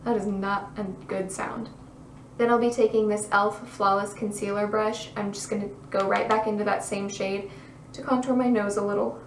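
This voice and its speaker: A young woman talking through a makeup tutorial in a chatty, bubbly way, her voice a little hoarse. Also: medium pitch, steady tone, normal speed, echoey room, distant mic, slight background noise, low-quality recording. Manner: chatty, bubbly, self-deprecating asides. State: losing her voice, slightly hoarse. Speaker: beauty vlogger.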